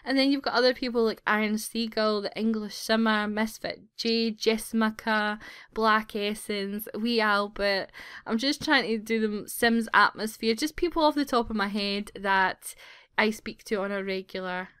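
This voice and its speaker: Smooth-voiced woman gushing thanks to friends. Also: mid-range voice, moderate pace, fairly bright tone, dry recording, clean studio sound. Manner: gushing and grateful, rambling with restarts. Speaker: YouTube gaming channel host. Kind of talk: casual chatty vlog.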